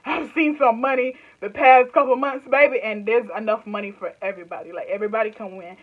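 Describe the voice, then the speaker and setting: Her voice is on the high side with fairly even intonation as this twenty-something YouTuber with a Southern US accent talks fast and casually to camera. She rambles loosely, laughs often, and sounds like she's recorded on a phone.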